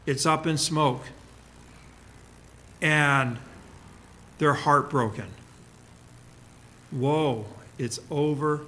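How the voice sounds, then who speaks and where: A man preaching a sermon, reading scripture dramatically and letting his voice fall to a hush on key words. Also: sits high. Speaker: pastor.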